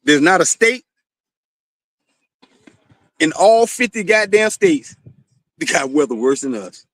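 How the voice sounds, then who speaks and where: Hosting his own stream, this Florida man rambles through a casual monologue, cussing often and saying "you know" constantly. He sounds high-pitched and fairly bright, with no echo.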